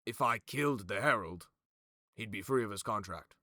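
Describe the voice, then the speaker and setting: A man's voice: fairly low pitch, expressive, normal speed, sharp tone, dry recording, studio quality. A man voicing a scheming male noble in a tabletop game. He muses aloud and asks blunt, probing questions.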